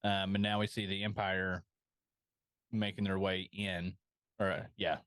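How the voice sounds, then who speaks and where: A man's voice: deep voice, flat delivery, a little slow, fairly bright tone, dry recording. A man co-hosting a podcast, talking casually about an episode with many ums and restarts. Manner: hesitant, lots of ums and restarts. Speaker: podcast co-host.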